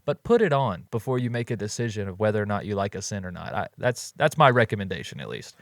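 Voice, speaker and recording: Male podcast co-host, low voice, easygoing and chatty, dry studio sound. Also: big pitch swings, fast talker, creaky, no echo. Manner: laid-back, chatty, says "you know" a lot. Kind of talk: casual chat with ad read.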